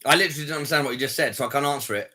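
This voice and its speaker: A man's voice: medium pitch, rapid-fire, sharp tone. A man livestreaming, taunting and mocking a stranger in casual live chat, parroting her words back at her.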